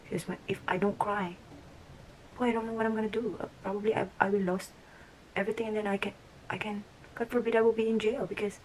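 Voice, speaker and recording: A woman's voice: medium pitch, level tone, fast talker, slight background noise, rough recording. A woman vlogger talking casually to camera about her life, reflective and rambling, sometimes dropping to a whisper. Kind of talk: casual vlog talk to camera.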